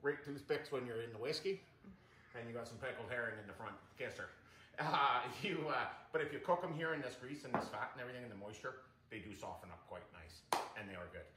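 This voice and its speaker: Man host, chatty home cook, keeps saying "you guys", roomy kitchen with loud sizzling behind. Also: mid-range voice, fast talker, a little hiss or hum. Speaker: cooking show host. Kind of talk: casual cooking demonstration.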